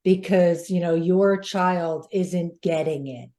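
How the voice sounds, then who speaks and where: A woman co-hosting a podcast, agreeing emphatically in relaxed, reflective conversation. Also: on the low side, takes it slowly. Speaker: podcast co-host. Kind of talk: reflective casual chat.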